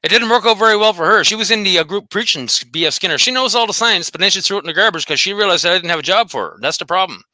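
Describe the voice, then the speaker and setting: A man's voice: sits high, lively intonation, racing, hardly any pauses, pushed and bright, no room sound. A man ranting angrily and profanely to his viewers as host of his own channel, taunting his critics. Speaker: host of a dog behavior channel. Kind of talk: angry solo rant.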